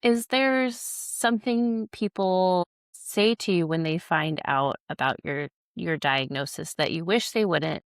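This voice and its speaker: A woman's voice: fairly low pitch, unhurried, clean tone, no room sound, clean studio sound. A woman hosting an interview, attentive, asking questions and offering affirming interjections. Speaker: host.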